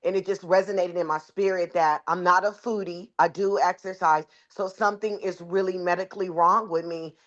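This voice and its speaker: A woman in a group coaching call, earnestly sharing how she feels, pausing with fillers as she goes. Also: lowish voice, fairly even intonation, a bit bright, muffled recording. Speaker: group member. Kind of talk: casual sharing on a video call.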